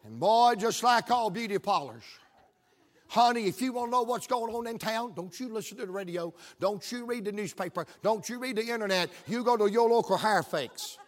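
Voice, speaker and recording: A man preaching a sermon, telling a funny story in a folksy, animated way that builds up to shouting. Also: sits high, moderate pace. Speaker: pastor.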